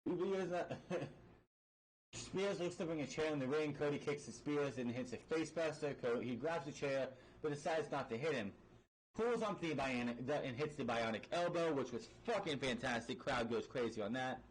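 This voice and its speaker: A man's voice: mid-range voice, expressive, moderate pace, slightly rough, rough recording. Man giving a profane, rambling match recap. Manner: profane, rambling play-by-play with fillers. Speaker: wrestling show reviewer.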